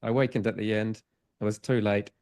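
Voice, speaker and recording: A man's voice: lowish voice, steady tone, brisk, darkish tone. A man, a hypnotherapist guest on a podcast, telling a personal story in an earnest, reflective way and laughing often, sometimes getting emotional. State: emotional, choked up. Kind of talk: conversational storytelling.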